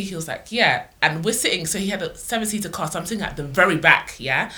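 Young woman telling a story, bright voice, keeps laughing, swoops up and down. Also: on the low side, quick pace. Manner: animated, laughs through her stories. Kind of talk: casual chat, storytelling.

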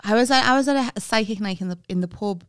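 A woman's voice: medium pitch, very fast, clean tone, dry recording, studio quality. Chatty woman telling a story. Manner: chatty storyteller, drops quieter for asides. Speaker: podcast co-host. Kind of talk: casual storytelling chat.

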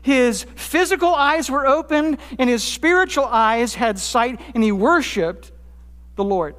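A pastor preaching a sermon, rising for quoted cries and dropping low on his key points. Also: a little slow, fairly bright tone. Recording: long hall reverb.

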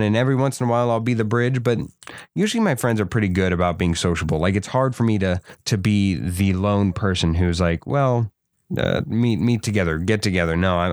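A man's voice: on the low side, a little mellow, clean tone, no echo, clean studio sound. A young man chatting casually, hesitant, often restarting and repeating words. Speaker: conversation partner. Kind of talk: casual chat.

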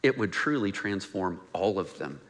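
A man preaching a sermon to his congregation in a church, animated and conversational, joking with the room as he teaches. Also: deep voice, moderate pace, big-room sound. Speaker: pastor. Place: church sanctuary.

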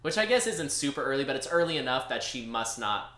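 A man co-hosting a podcast, casually recapping a movie in a rambling, animated way. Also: mid-range voice, fast talker, reverberant. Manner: rambling, animated storytelling with laughs. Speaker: podcast co-host.

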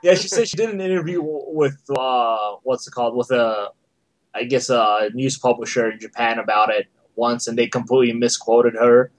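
Relaxed man telling a story on a podcast. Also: medium pitch, normal speed. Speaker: podcast guest. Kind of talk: casual podcast chat.

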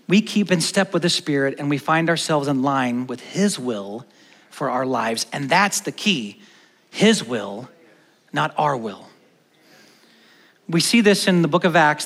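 A man preaching a sermon as pastor, animated, moving between loud stresses and hushed emphatic lines, in a church hall. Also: a little high. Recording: long church-hall reverb.

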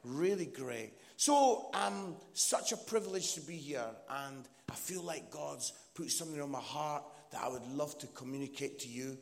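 A guest preacher and comedian from Edinburgh, Scotland, gives a casual, joking sermon in a church hall, chatty and teasing with many fillers. His Scottish-accented voice is fairly high and gravelly, with lively intonation, normal speed and few pauses, and the recording carries long hall reverb.

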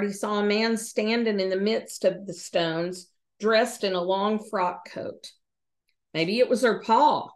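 A woman, hosting a podcast and reading a folksy ghost story aloud with fillers and small slips. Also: a little high. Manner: folksy, pauses with fillers and self-corrections. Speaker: podcast host.

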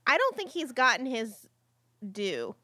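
Bright-voiced woman in dry, close chat. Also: sits high, huge pitch swings, a little slow, no echo. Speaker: podcast co-host. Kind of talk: casual chat.

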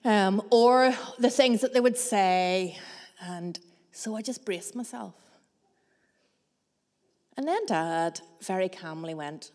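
A woman preaching a sermon, mixing scripture with personal stories in a measured, reflective way with dramatic pauses. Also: mid-range voice, darkish tone. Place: church hall. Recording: long reverb of a large hall.

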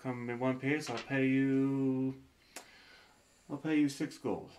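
A man's voice: medium pitch, fairly even intonation, slow, darkish tone. Grumbly man playing a tabletop role. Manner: casual and grumbly, swears often. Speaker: player. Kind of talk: tabletop role-play in character. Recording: echoey room, faint noise.

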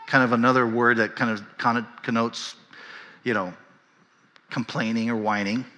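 A man preaching a sermon as pastor, conversational and animated, often checking in with his listeners. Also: moderate pace, pauses often, in a large hall. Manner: animated, acts out whiny voices and quotes with rising pitch; conversational, often tags lines with "right?".

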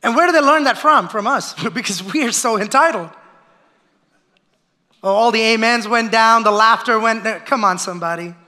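Male pastor, very high and sharp-toned voice, energetic sermon with call-and-response to the congregation. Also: normal speed. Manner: acts out the voices of complainers. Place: church sanctuary.

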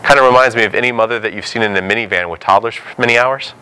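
A man preaching a sermon, telling biblical stories with animated storytelling and acting out the dialogue. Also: on the low side, very fast, clean tone, poor audio.

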